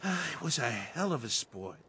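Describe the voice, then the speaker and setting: A man's voice: a little high, very animated, a little slow, pushed and bright, full character voice. An actor with a Boston accent voicing a boisterous, pushy male street vendor in a video game, full of hawking sales patter. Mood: boastful.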